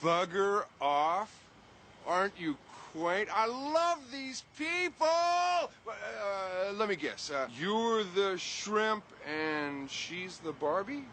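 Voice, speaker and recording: An actor playing a brash, cocky American biker who mocks people loudly. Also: male voice, sits high, big pitch swings, very slow, few pauses, a little hiss or hum, exaggerated voice. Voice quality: loud, mocking. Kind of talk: TV drama acting.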